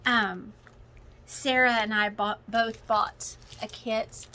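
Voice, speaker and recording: A middle-aged woman chatting excitedly to her viewers at home, gushing, with many fillers. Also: on the high side, slow pace, poor audio. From Texas. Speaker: cross-stitch vlogger. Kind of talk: casual chat to viewers. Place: home, with children and TV in the background.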